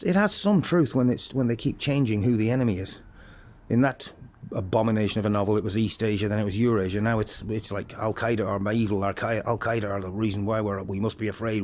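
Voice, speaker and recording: A British man rambling bluntly through a profane political monologue outdoors by a bonfire, filming on a handheld camera. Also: lowish voice. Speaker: political vlogger. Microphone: handheld phone camera.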